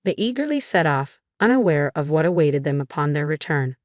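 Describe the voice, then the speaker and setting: A woman with a notably low voice narrates a first-person story in an even, measured way. The recording is dry and close, with no room sound around her. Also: no echo.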